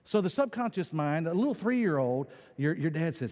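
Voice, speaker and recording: A man preaching a sermon as pastor, animated and playful, acting out quoted voices. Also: fairly high pitch, normal speed. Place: church sanctuary. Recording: long church hall reverb.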